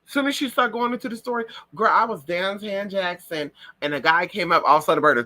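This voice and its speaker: A man hosting a casual livestream, telling stories in a sassy, profane, animated way and breaking into shrill voices for the people and birds he mimics. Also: fast, few pauses. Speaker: livestream host. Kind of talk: casual gossip chat.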